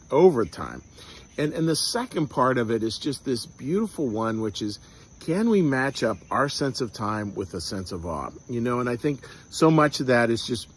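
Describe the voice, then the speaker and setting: A man leading a short devotional talk and guided meditation as a pastor, reflective and unhurried, often restarting his sentences, softening into slow prayer. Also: mid-range voice. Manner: soft, slow prayer and blessing.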